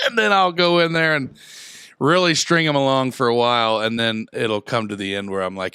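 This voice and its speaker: Brief: male podcast co-host, bright tone, crude rambling storyteller. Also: medium pitch, normal speed, clear, resonant tone, no room sound. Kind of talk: casual chat.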